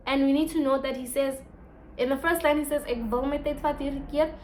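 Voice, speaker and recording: A woman's voice: high voice, fairly even intonation, a little fast, darkish tone, slight background noise. A woman explaining a poem in a casual lesson, reading lines aloud and asking rhetorical questions.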